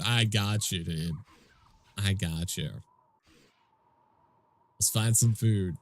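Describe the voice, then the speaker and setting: A man's voice: fairly low pitch, takes it slowly, pauses often. A man with a stuffy nose, casually commentating his game stream and chatting with viewers in a laid-back, swearing way.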